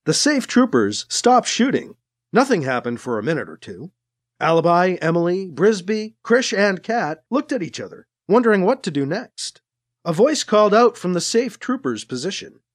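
An audiobook narrator reading an action story aloud in a lively storytelling manner. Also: medium pitch, normal speed. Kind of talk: scripted narration.

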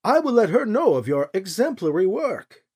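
A woman's voice: medium pitch, sing-song, normal speed, dark tone, breathy edge. A woman voicing a courteous, formal male officer who speaks politely and cheerfully.

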